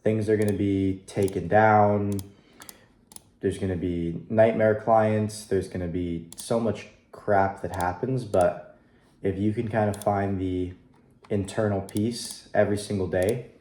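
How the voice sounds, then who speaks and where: Young male vlogger, lowish voice, upbeat rambling self-talk, roomy echo. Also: fairly even intonation, slow, dark tone. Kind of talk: casual video diary. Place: room at his computer. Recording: echoey room.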